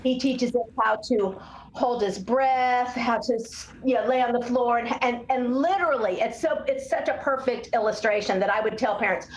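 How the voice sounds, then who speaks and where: A woman in her sixties speaks in an animated, storytelling way, slipping into acted voices to make her points. Her voice sits a little high, and the recording has a roomy echo. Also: normal speed. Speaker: speech-language pathologist guest. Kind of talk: podcast interview.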